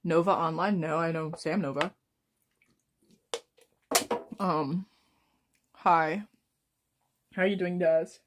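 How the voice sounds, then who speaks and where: A woman in her twenties chatting casually on a live stream, rambling and swearing freely as she talks fast. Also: low voice, fairly even intonation, noisy background. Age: 20s. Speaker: livestreamer.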